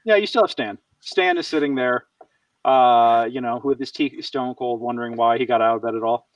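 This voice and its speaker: A man running a tabletop game as game master, lively and quick to slip into voices for side characters. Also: mid-range voice, dull audio.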